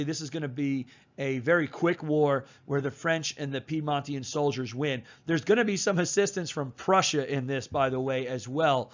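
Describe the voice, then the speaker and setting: Chatty male history teacher, slightly high voice. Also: highs cut off. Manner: casual and chatty, with slang and fillers. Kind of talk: casual recorded lecture.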